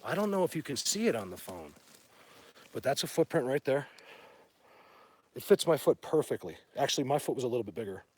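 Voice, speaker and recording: A man livestreaming from a phone in a mountain wilderness, chatting to viewers in a rambling, excitable way as a bigfoot hunter. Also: medium pitch, brisk, pauses often, no room sound. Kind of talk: casual live stream chat. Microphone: phone held by hand.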